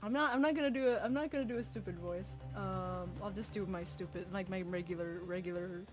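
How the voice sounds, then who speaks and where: A woman's voice: medium pitch, brisk, over music. A woman chatting casually on a game stream, rambling and hesitant, with lots of giggling and filler. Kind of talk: casual gaming stream chat.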